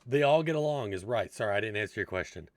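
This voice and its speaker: A young man with a slightly low voice, hosting a casual stream. He chats with his viewers in a relaxed, rambling manner. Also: fast talker, dry recording.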